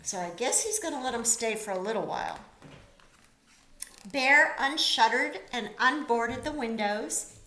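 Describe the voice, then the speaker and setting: A woman teacher reading a picture book aloud, slow and unhurried, her voice rising and falling widely as she pauses to chat about the pictures. Her voice is fairly high. The room is echoey. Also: a little hiss or hum. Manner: expressive, pauses to comment to children.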